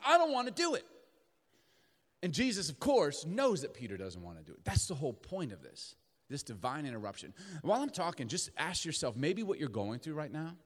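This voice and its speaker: Guy preaching in a church, voice jumps all over, acts out the characters, big echo in the hall. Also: medium pitch. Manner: animated, acts out voices of Peter and Jesus. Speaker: pastor. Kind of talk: sermon.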